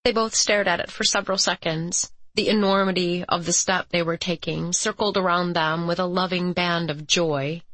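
A woman narrates a romance audiobook in a low-pitched, measured voice. Her reading is even and unhurried. The recording is dry and close with no room sound. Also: dry recording. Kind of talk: scripted narration.

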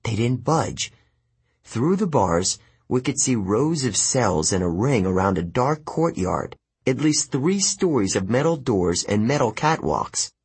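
Husky, lively male audiobook narrator. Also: mid-range voice, unhurried. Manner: expressive, lively storytelling.

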